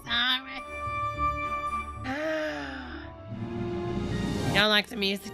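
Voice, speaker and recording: A woman's voice: medium pitch, slow, long pauses, over music. A woman hosting a comic livestream in character, chatting and rambling to viewers, calling them honey and y'all in a drawling way. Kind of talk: rambling comedic live stream chat.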